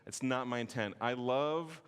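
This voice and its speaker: A man, teaching at a conference in a passionate, sometimes forceful way with joking asides. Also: medium pitch, measured pace, clean tone. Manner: passionate, can sound forceful; self-deprecating joking asides. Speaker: conference speaker. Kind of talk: teaching sermon. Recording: long hall reverb.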